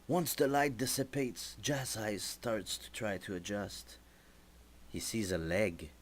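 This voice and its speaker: Slow-paced young man narrating a storyboard. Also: on the low side, a little hiss or hum. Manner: slow, deliberate storytelling with small slips. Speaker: student presenter.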